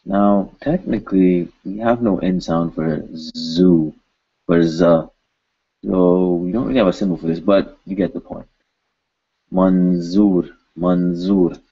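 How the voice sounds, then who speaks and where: Slow, deep-voiced male language teacher. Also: fairly even intonation, warm tone, muffled recording. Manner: patient, repeats each word slowly several times. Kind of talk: pronunciation lesson.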